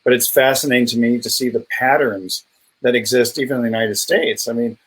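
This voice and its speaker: A man's voice: medium pitch, fairly even intonation, fairly quick, a bit bright, breathy edge, rough recording. A middle-aged man co-hosting a casual live health chat, easygoing and joking, reading out viewer comments. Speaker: co-host, doctor.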